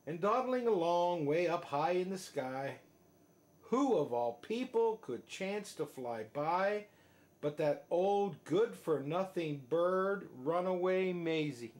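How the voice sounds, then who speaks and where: A father reading a rhyming picture book aloud, sing-song and dropping soft at line ends. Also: high-pitched, animated, takes it slowly. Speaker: father reading to his child.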